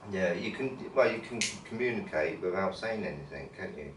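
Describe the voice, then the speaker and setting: Very deep-voiced musing man. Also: animated, normal speed. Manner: musing, ends points with tag questions. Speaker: podcast co-host. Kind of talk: casual chat. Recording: roomy echo, far from mic, faint hiss.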